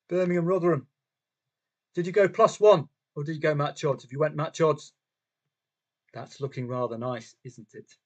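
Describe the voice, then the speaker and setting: He speaks at a moderate pace with frequent pauses, his fairly high voice carrying a darkish tone. Running a live football trading stream, he talks casually to his audience and to himself about matches and bets, leaning on rhetorical questions.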